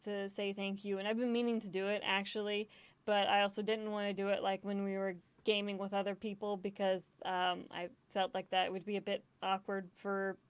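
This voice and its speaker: A woman streamer talks in a loose, rambling way, swearing freely and laughing at herself. Her voice is smooth and clear, sitting at a middle pitch. The sound is dry and close, with little room around it. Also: level tone, fairly quick, dry recording. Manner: self-deprecating and emotional. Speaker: gaming streamer. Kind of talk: casual chat.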